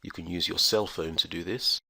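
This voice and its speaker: Slow, gravelly low-voiced male teacher. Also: steady tone, pushed and bright, no echo. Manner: slow, careful, enunciated delivery. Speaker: English teacher. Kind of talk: scripted pronunciation lesson.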